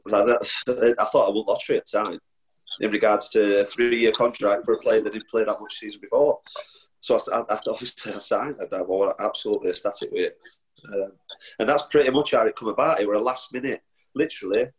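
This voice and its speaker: A man's voice: fairly low pitch, steady tone, fairly quick, slight background noise, poor audio. A man with a Northern English accent, a footballer guest telling anecdotes in casual chat, often restarting and laughing. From Sheffield, England. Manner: chatty storyteller with frequent restarts and laughter.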